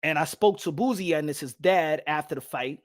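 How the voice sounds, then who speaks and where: A man's voice: on the high side, moderate pace. A man doing casual, rambling and sarcastic boxing commentary in slangy talk.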